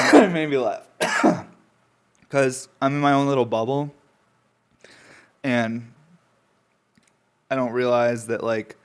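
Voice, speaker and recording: A man's voice: medium pitch, smooth. A young man from upstate New York hosting his own podcast, telling loose rambling stories between coughs and swearing casually, with a runny nose from smoking. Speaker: podcast host.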